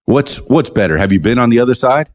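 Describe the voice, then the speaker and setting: A man's voice: medium pitch, lively intonation, quick pace. A man hosting a casual podcast interview, chatty and joking, often restarting his words. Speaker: podcast host.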